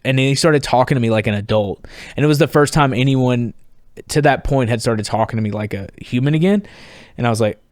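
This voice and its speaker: A man in his thirties, a veteran guest on a podcast, telling his story casually and candidly, swearing freely and acting out what others shouted. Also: medium pitch, brisk, no echo, studio quality.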